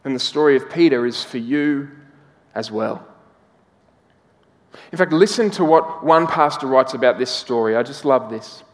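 A man preaching a sermon as pastor, telling a story and slowing down, dropping soft for emphasis. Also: medium pitch, in a large hall. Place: church hall.

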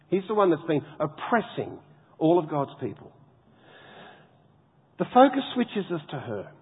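A man preaching a sermon, reading scripture slowly and with heavy emphasis. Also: fairly high pitch, breathy edge. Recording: tinny phone-like sound with long hall reverb.

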